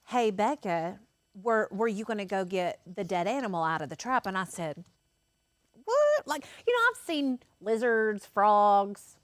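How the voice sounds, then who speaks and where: A woman's voice: mid-range voice, a little slow, no echo. A woman co-hosting a craft video, chatting casually and acting out voices as she tells a story. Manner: animated storyteller, acts out quotes. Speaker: craft channel co-host. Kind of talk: casual chat.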